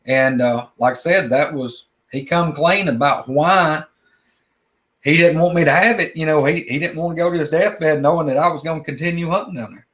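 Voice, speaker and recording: A man's voice: fairly high pitch, moderate pace, fairly bright tone. Drawling man telling a story. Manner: drawling, repeats words, plainspoken. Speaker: guest storyteller. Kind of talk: casual spoken storytelling.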